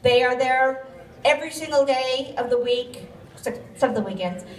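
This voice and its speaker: Woman with grandchildren, winded, candid and chatty, higher voice, picked up from afar in a roomy hall. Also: moderate pace, recorded from a distance. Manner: candid, chatty, gently joking. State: out of breath. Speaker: patient speaker. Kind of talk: public talk at an event. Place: event venue. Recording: echoey hall, mic from afar.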